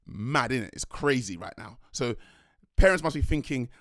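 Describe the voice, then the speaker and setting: Excitable young man telling a story. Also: mid-range voice, normal speed, dry recording, studio quality. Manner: rambling, excitable, slangy, self-correcting. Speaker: dance crew leader and choreographer. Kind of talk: vlog storytelling.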